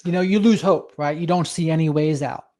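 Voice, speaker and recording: A podcast host interviewing a guest, agreeing warmly and sharing personal experience in conversation. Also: mid-range voice, fairly quick. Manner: agreeable, affirming, opening up.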